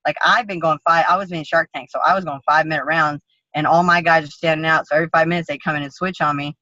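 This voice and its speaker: A woman's voice: low voice, fairly even intonation, fast talker, bright, forceful tone, no room sound. A woman MMA fighter guest telling a story in a blunt, profane, vivid way in a casual interview. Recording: dull lo-fi sound.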